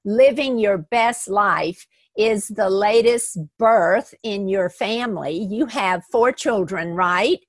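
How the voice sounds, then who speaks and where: Slow, husky-voiced podcast host from the South, warmly gushing, dry close sound. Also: female voice, medium pitch, no echo. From American South. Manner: effusive, affectionate. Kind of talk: podcast interview.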